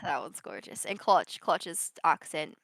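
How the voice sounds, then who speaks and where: A woman's voice: deep voice, animated, unhurried, creaky, a bit bright, no room sound. A woman co-hosting a casual podcast, bubbly and gushing, laughing often and swearing freely. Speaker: podcast co-host. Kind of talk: casual live-stream podcast chat.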